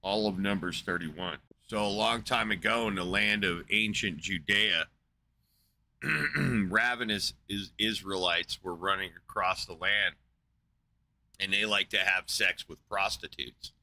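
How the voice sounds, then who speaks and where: A man's voice: deep voice, steady tone, measured pace, pushed and bright. A man hosting a live debate show, arguing with a caller in a profane, mocking, combative way and retelling a scripture story crudely.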